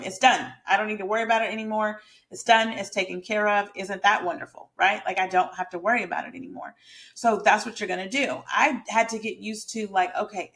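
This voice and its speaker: A woman's voice: medium pitch, a bit bright. A woman who also works as a hairstylist, talking casually and emphatically to her viewers as a lifestyle and mindset creator. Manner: chatty, emphatic and motivational, talks straight to viewers. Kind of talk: casual direct-to-camera talk.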